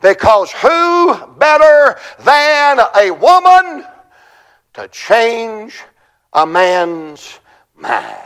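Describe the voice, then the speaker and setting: Fervent high-voiced older preacher. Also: male voice, wildly swooping pitch, very slow, smooth. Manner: fervent, rhythmic repetition building to shouted peaks. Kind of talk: revival conference sermon.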